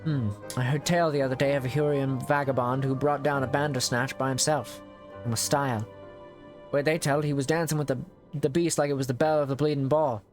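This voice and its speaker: A man's voice: medium pitch, fairly even intonation, a little fast, over music, close to an everyday voice. A man reading out a folksy male hunter telling of a stranger he saw. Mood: storytelling. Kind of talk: reading game dialogue aloud.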